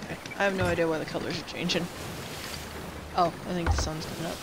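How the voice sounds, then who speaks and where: Woman thinking aloud over loud game sounds. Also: fairly low pitch, fairly even intonation, quick pace, noisy background. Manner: chatty, thinking aloud to herself. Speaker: gaming streamer. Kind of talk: live gameplay commentary. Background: loud ocean and boat game audio.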